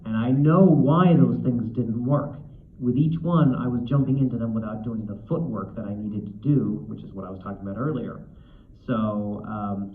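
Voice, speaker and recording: A man speaking at a convention panel, chatty and self-deprecating, with frequent fillers and restarts. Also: medium pitch. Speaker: author and convention guest. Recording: tinny echoey hall recording.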